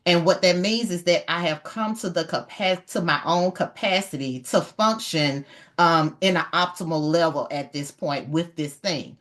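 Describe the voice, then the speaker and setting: A middle-aged woman talks about leadership in an animated, emphatic way. She repeats her main points for weight. Her voice sits a little low for a woman. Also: moderate pace. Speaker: leadership educator. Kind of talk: motivational talk.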